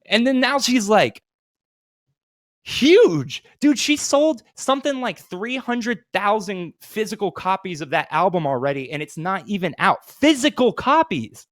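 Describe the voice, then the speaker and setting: Man, podcast co-host, rambling profane chat, lively pitch, dry close mic. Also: a little slow, no echo. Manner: profane, rambling, animated storytelling. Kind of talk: casual chat.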